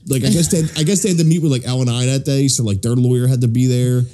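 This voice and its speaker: A man's voice: medium pitch, steady tone, rapid-fire, dark tone. A young man from Philadelphia, hosting a casual podcast, telling rambling work stories full of swearing and acted-out quotes. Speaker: podcast host. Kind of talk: casual chat, storytelling.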